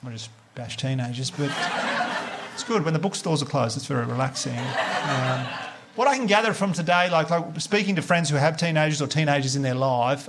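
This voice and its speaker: A man's voice: fairly high pitch, fairly quick, fairly bright tone. An Australian man doing a stand-up comedy set, chatty and sweary, acting out bits of dialogue with the crowd. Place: comedy venue with live audience.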